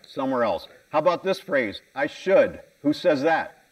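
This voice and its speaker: A man's voice: on the high side, animated, normal speed, distant mic, rough recording. An American man giving a conference keynote talk, candid and self-mocking, asking the audience questions. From United States. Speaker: conference speaker. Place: conference hall stage.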